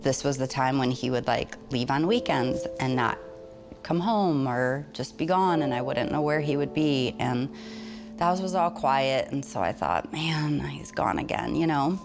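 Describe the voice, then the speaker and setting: A middle-aged mother recounting events quietly in a documentary interview. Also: extremely low pitch, animated, a little slow, over music. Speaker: mother of the deceased.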